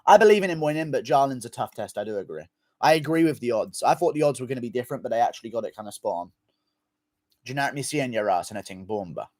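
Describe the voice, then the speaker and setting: A man's voice: medium pitch, expressive, fast talker, a little mellow, no room sound. A man hosting a casual livestream, reading viewer comments in a loose, offhand manner and swearing freely. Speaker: livestream host.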